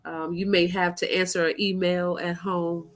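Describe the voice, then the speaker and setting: A woman's voice: fairly low pitch, little pitch movement, moderate pace. A middle-aged woman, an educator, speaking as a talk show guest in an earnest, hesitant way with many ums. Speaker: educator and tutoring business owner, guest.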